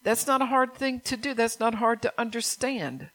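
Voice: mid-range voice, normal speed, fairly bright tone. A pastor preaching a stern, urgent sermon, repeating phrases and firing rhetorical questions at the congregation.

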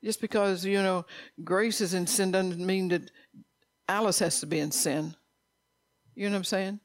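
Gravelly, blunt, scolding preacher. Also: mid-range voice, dry recording. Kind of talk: informal sermon.

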